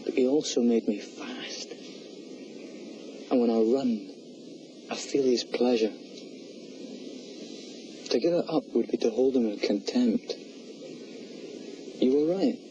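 A devout, resolute young runner, played by a man, speaking slowly and with quiet sincerity. The sound is a muffled old film soundtrack. Background noise hangs clearly beneath every word. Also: mid-range voice, natural voice. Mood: earnest. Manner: earnest, measured and sincere. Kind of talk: film drama dialogue.

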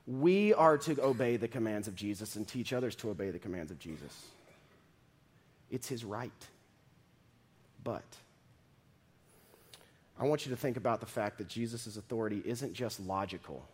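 A man preaching a sermon, reading scripture dramatically and swinging from loud, emphatic lines to hushed ones. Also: medium pitch, expressive, normal speed. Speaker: pastor.

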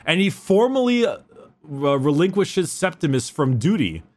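A man co-hosting a casual book discussion podcast, summing up the plot with fillers and quick quoted asides. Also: on the high side, sing-song, darkish tone. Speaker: podcast co-host.

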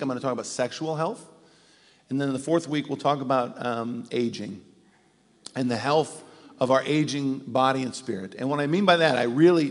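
A middle-aged pastor preaching a sermon in a conversational, animated way. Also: male voice, medium pitch. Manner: conversational, animated when acting out quotes. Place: church sanctuary. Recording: long hall reverb.

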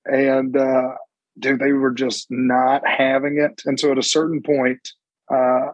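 A man's voice: mid-range voice, dry recording, lo-fi sound. A young man, a stand-up comedian telling stories in casual chat and acting out what people said. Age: young adult. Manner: animated, acts out quotes with quick bursts.

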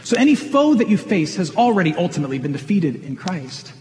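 Pastor, male, slightly high voice, earnest conversational sermon, long hall reverb. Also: sing-song, fairly quick, a little mellow, a little hiss or hum. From Michigan. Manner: earnest, conversational preaching with rhetorical questions.

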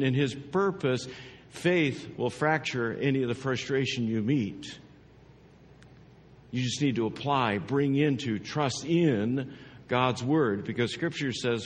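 A man pastor giving a sermon, his dynamic preaching swinging from hushed, drawn-out lines to emphatic, rising ones. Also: mid-range voice, in a large hall.

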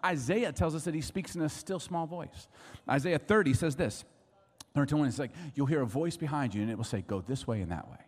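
A man's voice: fairly high pitch, fairly quick, big-room sound. A man in his forties preaching a sermon, chatty and jokey, acting out little voices as he talks. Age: 40s. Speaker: pastor.

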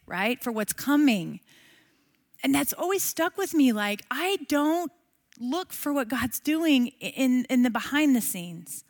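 A middle-aged woman leads a Bible class in an easy, talky manner. She keeps asking her listeners questions, and her voice sits fairly high. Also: fairly bright tone. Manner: conversational, asks the listeners questions. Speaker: Bible teacher. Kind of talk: casual devotional teaching.

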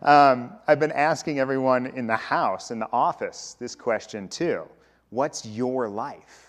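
A man's voice: medium pitch, moderate pace. A man in his thirties, a pastor, preaching a sermon in a conversational way, often repeating and restarting phrases.

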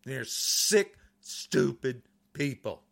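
A man's voice: mid-range voice, lively intonation, drawn-out words, creaky. A man delivering an angry political rant to camera, agitated and repeating insults as he talks. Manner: furious, repetitive, shouting insults. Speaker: podcaster.

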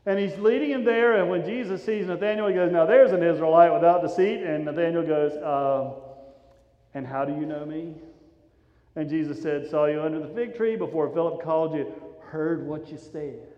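A man, preaching a sermon in a conversational, animated storytelling way. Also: fairly high pitch, moderate pace. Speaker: pastor. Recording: roomy, reverberant, dull sound from a hall.

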